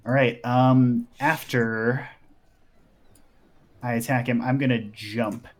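A man's voice: medium pitch, level tone, slow. A man playing a tabletop game, thinking aloud and correcting himself as he goes. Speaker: player. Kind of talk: casual tabletop play.

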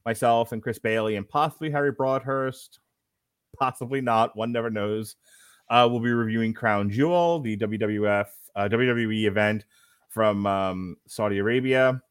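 A man's voice: fairly low pitch, moderate pace, clean tone, no echo, clean studio sound. A man hosting a casual movie review podcast, reading out critic quotes and laughing often. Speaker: podcast host.

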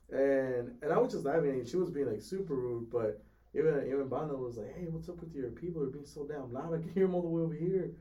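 A man's voice: mid-range voice, dark tone, far from the mic. A man co-hosting a casual chat, telling car sales stories and acting out customers in quotes. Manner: fast-talking, acts out customers in quotes. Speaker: podcast co-host, car salesman.

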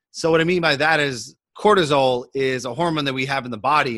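A man speaks as a podcast guest, with a sharp, forceful voice pitched a little high. He explains things emphatically and acts out his own thoughts. The sound is dry and close to the mic. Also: no echo. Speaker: interview guest, health coach. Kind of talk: podcast interview.

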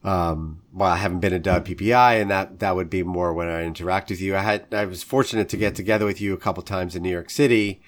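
A man's voice: deep voice, fairly even intonation, fast, hardly any pauses. A man with an American accent hosting a chatty show, friendly and laughing often. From United States. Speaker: podcast host. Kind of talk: casual chat.

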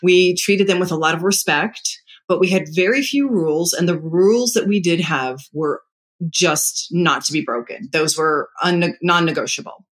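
A middle-aged parenting advisor in casual talk, calm and measured, explaining through stories from their own family. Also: medium pitch.

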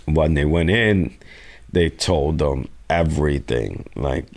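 Very deep-voiced man telling a profane story. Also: slow, darkish tone. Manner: profane, rambling, acts out quotes. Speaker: guest. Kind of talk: casual storytelling interview.

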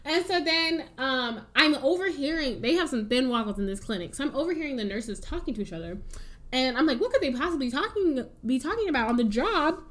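A young woman with a high voice tells a story in an easy, chatty way. She acts out every quote, jumping up and down in pitch as she plays each person. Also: animated, a little fast. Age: young adult. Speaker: podcast co-host. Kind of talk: casual storytelling chat.

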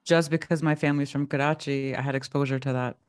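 Low voiced woman hosting a podcast panel, thoughtful, asks the guests stuff, dry sound. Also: fairly even intonation, fast, no room sound. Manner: reflective, asks guests questions. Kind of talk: casual panel conversation.

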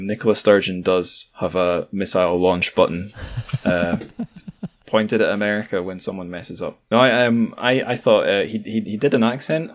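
Scottish male co-host, deep voice, relaxed chat, wry asides. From Scotland. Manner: chatty, joking asides. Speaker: podcast co-host. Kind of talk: casual chat.

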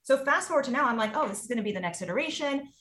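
Animated woman in her forties. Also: high-pitched, rapid-fire. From United States. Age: 40s. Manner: animated, acts out her own reactions. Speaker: guest. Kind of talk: casual conversation.

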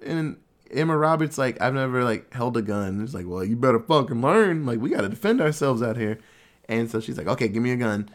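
A man in casual chat, telling a movie plot with lively energy. He jumps into quick mock voices for the characters, swears freely and laughs at the gory parts. His voice sits in a middle range. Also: mid-range voice. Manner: animated storytelling, acts out quotes, swears, laughs.

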